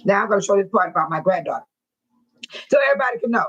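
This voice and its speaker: A woman's voice: mid-range voice, animated, very fast, a bit bright, breathy edge, dull audio. An older woman hosting a casual livestream, reading chat comments aloud and laughing often. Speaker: livestream host.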